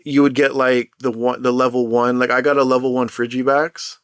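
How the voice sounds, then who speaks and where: A young man ranting in an unscripted vlog, telling his story in a rambling, animated and profane way. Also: medium pitch, brisk, smooth, no room sound, clean studio sound. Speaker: mobile game content creator.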